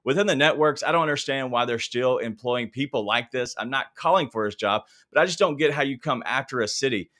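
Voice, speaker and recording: Man from memphis, sports show co-host, casual conversational, bright lively tone. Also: medium pitch, fairly quick, few pauses. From Memphis, Tennessee. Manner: conversational, steering questions, aggrieved opinions.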